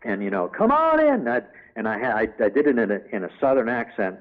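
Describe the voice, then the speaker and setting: A man guest in an interview, telling anecdotes in an animated way and acting out the voices he quotes. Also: lowish voice, fast, narrow, tinny audio.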